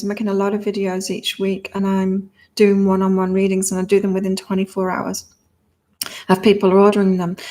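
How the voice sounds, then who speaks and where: A woman's voice: mid-range voice, darkish tone. Woman with a half-British, half-Australian accent. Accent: mix of British and Australian. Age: 50s. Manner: chatty, reading viewer comments aloud. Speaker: psychic reader hosting a live stream. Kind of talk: live-stream chat with tarot readings. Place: home in southern Thailand.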